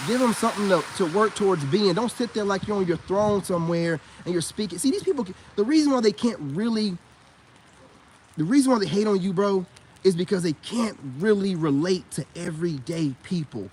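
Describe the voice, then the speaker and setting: A man with a high-pitched voice talks straight to camera in a loose, slangy monologue, handing out blunt advice to other men. He keeps circling back with "you know what I'm saying" as he preaches. A faint hum of traffic sits behind him. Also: lively intonation, fairly quick. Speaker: vlogger and self-styled spiritual coach.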